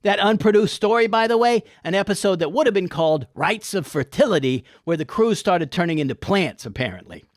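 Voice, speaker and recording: Irreverent folksy man, high lively voice, dry close sound, comic review host. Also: fairly quick, hardly any pauses, dry recording. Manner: irreverent, wry, profane, folksy.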